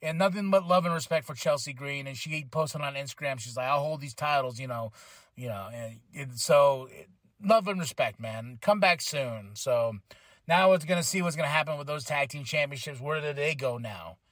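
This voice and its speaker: A man hosting a casual solo review podcast, rambling and excitable, with frequent restarts and free swearing. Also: a little high, moderate pace, no room sound. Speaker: podcast host.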